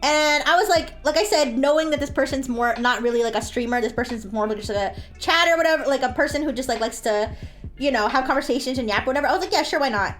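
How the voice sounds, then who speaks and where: A woman's voice: sits high, fast, a bit bright, soft background music. A woman streamer telling a story casually to her chat while drawing, laughing often and swearing freely.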